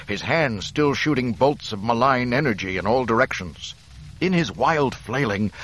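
A middle-aged man reads a dramatic audiobook in a low, deep voice. His delivery is expressive and animated, with wide swings in pitch, over a faint background noise. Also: low-quality recording. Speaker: audiobook narrator.

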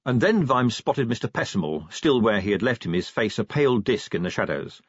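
A man with a husky voice narrates an audiobook, animated and full of expression. The pitch moves a lot, and the recording is dry with dull, lo-fi sound. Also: brisk, hardly any pauses, no room sound.

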